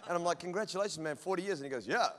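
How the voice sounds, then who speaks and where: A man's voice: sits high, rapid-fire, a bit bright. Male pastor, middle-aged, humorous sermon storyteller, echoing church auditorium. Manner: humorous storytelling, acts out dialogue. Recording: long church hall reverb.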